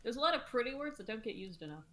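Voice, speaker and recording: A woman's voice: fairly high pitch, big pitch swings, racing, a bit bright. A woman co-hosting a casual livestream, explaining lyric meter and rhyme in detail. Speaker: songwriter co-host.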